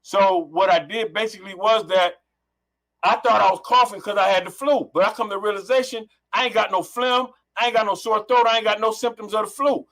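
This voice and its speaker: Rambling man from Los Angeles, higher voice. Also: steady tone, a little fast, a bit bright. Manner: rambling, with many restarts and profanity. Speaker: guest. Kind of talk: casual storytelling on a remote call. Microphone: headset.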